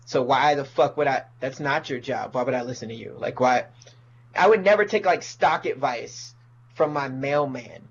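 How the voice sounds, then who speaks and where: A man's voice: mid-range voice, moderate pace, lo-fi sound, slight background noise. A man, a comedian, ranting profanely in casual podcast talk and mocking people in put-on voices. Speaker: comedian guest.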